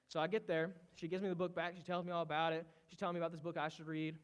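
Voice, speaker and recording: A man with a hoarse voice from a cold, giving a casual, conversational sermon as pastor. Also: a little high, flat delivery, racing, hardly any pauses. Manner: casual, conversational preaching with rising intensity. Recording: muffled, with loud guitar behind. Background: worship team playing guitar.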